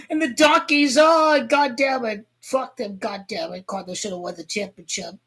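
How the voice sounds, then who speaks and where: Husky-voiced woman ranting about football. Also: fairly high pitch, normal speed. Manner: rambling, crude and heated, with sudden shouting outbursts. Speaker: sports fan vlogger. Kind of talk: profane football rant.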